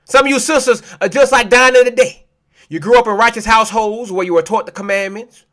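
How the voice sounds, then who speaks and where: High-pitched fiery male preacher. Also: brisk, fairly bright tone. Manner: preachy, profane, calls out listeners as family. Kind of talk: fiery street sermon.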